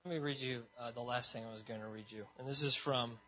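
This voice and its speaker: Chatty guy preaching, lots of "like" and "you know", bright voice, muffled audio. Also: mid-range voice, fairly even intonation, fast. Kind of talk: casual sermon. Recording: dull lo-fi sound.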